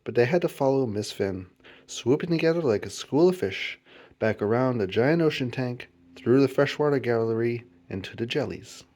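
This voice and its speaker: A man reading a children's picture book aloud as host, in an expressive, lilting storyteller manner. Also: mid-range voice, normal speed.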